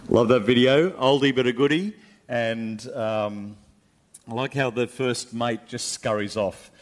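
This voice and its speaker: A man's voice: medium pitch, unhurried. A man preaching a sermon in a church, earnest and repeating key phrases for emphasis. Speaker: pastor.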